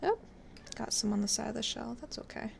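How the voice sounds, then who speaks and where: A woman narrating her own craft work in a relaxed, chatty way as she goes. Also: on the high side, brisk, creaky, slight background noise. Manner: relaxed, chatty, talks while working. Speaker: resin artist.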